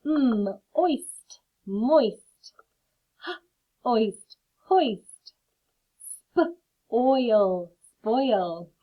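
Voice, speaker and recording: A woman's voice: fairly high pitch, lively intonation, very slow, pauses often. A woman teaching a phonics lesson to children, carefully sounding out words and adding friendly chatty asides. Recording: phone-like lo-fi audio.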